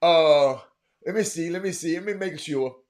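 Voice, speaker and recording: A man hosting a casual livestream, reading viewer comments and greeting people by name in an animated, loose way. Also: fairly high pitch, moderate pace. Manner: animated, shouts out viewers by name, drifts off-mic. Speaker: livestream host.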